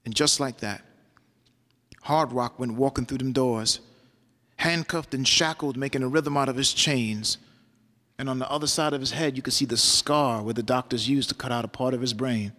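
A man's voice: mid-range voice, normal speed, sharp tone. A man giving a spoken-word performance as a poet, with a rhythmic, rhyming delivery. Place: lecture hall. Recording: long reverb of a lecture hall.

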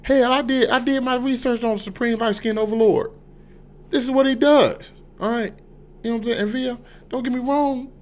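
A man putting on a pitched-up voice for a defensive husband who insists he is only looking out for his wife. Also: steady tone, moderate pace. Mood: pleading. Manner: pleading, insistent.

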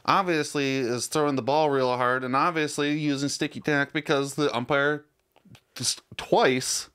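A man co-hosting a casual sports podcast, starting sentences haltingly and repeating words. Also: mid-range voice, fairly even intonation, fairly bright tone, clear, resonant tone.

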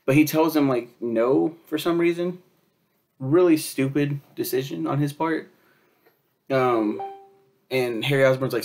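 A man reviewing a superhero film in a loose, rambling way, swearing often and filling pauses with um and like. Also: mid-range voice, darkish tone. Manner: rambling, profane, lots of fillers and quoted asides.

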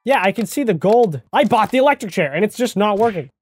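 A man hosting a gaming channel, giving excitable let's-play commentary into a desk microphone, yelping and shouting at surprises. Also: high voice, quick pace, breathy edge.

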